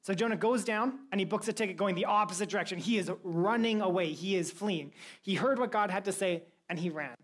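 Woman teaching a lively Bible lesson. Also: medium pitch, brisk, hardly any pauses. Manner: lively storytelling, quizzing the listeners. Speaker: church youth teacher. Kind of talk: Bible lesson for a young group.

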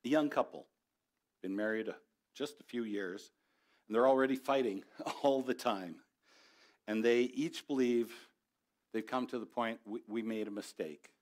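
A man of middle age preaching a sermon in an easy, conversational way. His voice sits at an ordinary pitch, and he pushes toward passionate encouragement. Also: measured pace, pauses often. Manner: conversational, rising to passionate exhortation. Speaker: pastor.

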